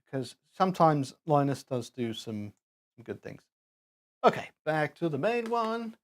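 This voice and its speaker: A man's voice: on the high side, big pitch swings, unhurried. A man hosting a live stream, chatting casually and rambling with chuckles while he talks to his chat.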